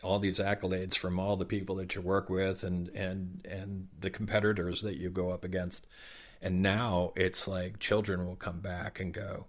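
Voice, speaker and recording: A middle-aged man with a Southern American accent and a low voice speaks at normal speed with a flat delivery. He works as a professional Santa Claus and tells warm, anecdotal stories in an interview, acting out the children's words.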